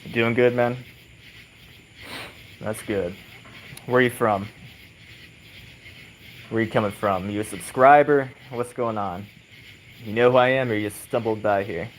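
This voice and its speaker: This is a man hosting a livestream, rambling to his viewers in a casual chat as he rocks on a porch swing outdoors, swearing heavily and often chuckling. He speaks in a lowish, steady voice at a measured pace, with many pauses. Slight background noise runs through the rough recording.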